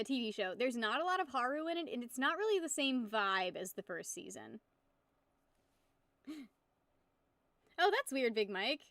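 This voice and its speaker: A woman's voice: sits high, fairly bright tone, dry recording, studio quality. A young woman in her twenties streaming, chatting casually with viewers in a rambling, giggly way and swearing freely. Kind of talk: casual live-stream chat.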